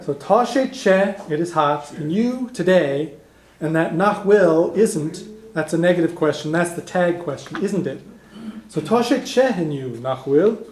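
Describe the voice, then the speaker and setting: In a community classroom in a heritage house, a man teaches a beginner language class, explaining each point step by step and modelling phrases slowly for learners to repeat. His fairly high voice is a little mellow with lively intonation. The recording sounds roomy and echoey, like a classroom.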